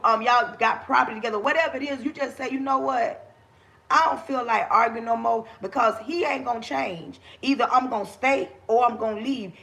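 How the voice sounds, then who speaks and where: A woman talks straight to her viewers on a phone livestream, preachy and animated. Her voice sits high and carries a gravelly edge. The tone is bright and pointed. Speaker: livestream host. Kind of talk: casual livestream talk. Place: home kitchen.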